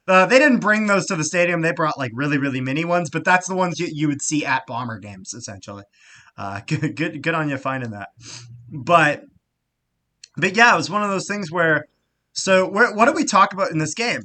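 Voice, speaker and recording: Animated, profane male sports podcaster. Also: a little high, brisk. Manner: animated, swears freely, gets loud and excited; frequent fillers and restarts. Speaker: podcast co-host. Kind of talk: casual sports chat.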